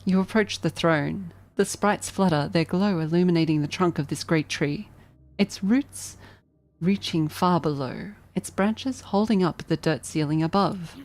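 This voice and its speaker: A woman streaming a game live, chatting excitably and reading the game's narration aloud. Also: fairly low pitch, measured pace, soft background music. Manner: excitable, chatty, self-deprecating. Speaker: vtuber streamer.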